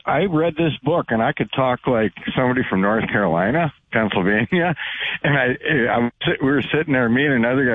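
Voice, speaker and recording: A man calling in to a radio show, earnest and rambling, often restarting his sentences. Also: medium pitch. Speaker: caller. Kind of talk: casual phone-in chat. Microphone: telephone. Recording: tinny phone line.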